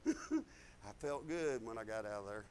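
A man, a pastor telling a testimony in a conversation, folksy and animated, chuckling as he goes. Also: lowish voice, takes it slowly.

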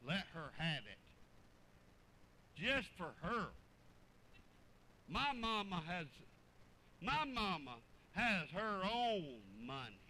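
High, bright-voiced preacher man. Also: sing-song, takes it slowly, pauses often, a little hiss or hum, poor audio. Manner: folksy, joking, fervent preaching. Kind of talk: sermon.

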